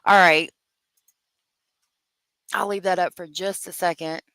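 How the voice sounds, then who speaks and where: A woman hosting a casual true crime livestream. She talks slowly, chats away and laughs often. The sound is close and dry, with no room echo. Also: fairly low pitch, steady tone, fairly bright tone, smooth. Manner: chatty, laughs often, drawn-out exclamations. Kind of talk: casual livestream chat reading comments.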